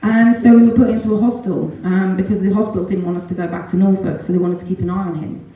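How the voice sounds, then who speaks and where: A middle-aged woman, a mother giving an earnest, animated testimonial full of ums and nervous laughs. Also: mid-range voice, quick pace. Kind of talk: emotional personal storytelling talk. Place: large echoey room at a talk event. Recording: very echoey room.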